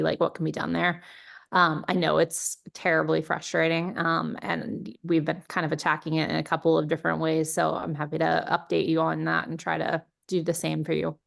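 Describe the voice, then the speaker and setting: A woman commissioner reassures a resident at a public meeting, speaking casually with many fillers. Her voice is low and flat, with a gravelly fry at its base. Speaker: neighborhood commissioner.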